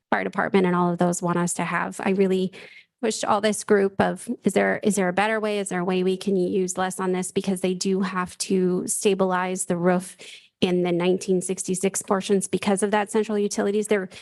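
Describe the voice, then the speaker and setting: Gravelly, flat-voiced woman explaining a proposal. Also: medium pitch, no echo. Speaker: staff presenter. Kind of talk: public meeting discussion. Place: board meeting room.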